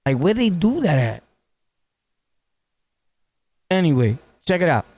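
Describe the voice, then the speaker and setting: A man's voice: on the high side, big pitch swings, unhurried, darkish tone, no room sound, clean studio sound. A man with a New York accent reacting to clips in casual commentary, full of street slang and laughing asides, talking right up on the mic. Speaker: reaction streamer. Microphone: close to the mic.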